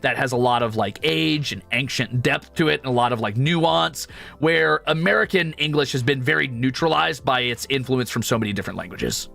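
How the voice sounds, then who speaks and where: A man streaming casually, chatting with his viewers with quick asides and swearing. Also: medium pitch, vocal fry, fairly bright tone. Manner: casual, quick asides and profanity, shows off vocal range. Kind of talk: casual chat with chat readers.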